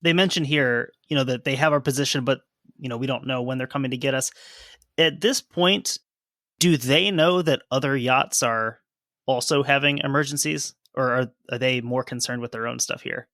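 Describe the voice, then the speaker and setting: A man's voice: medium pitch, normal speed, fairly bright tone, no echo, clean studio sound. A man hosting a podcast, reacting with short laughs and asking follow-up questions in casual chat. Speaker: podcast host.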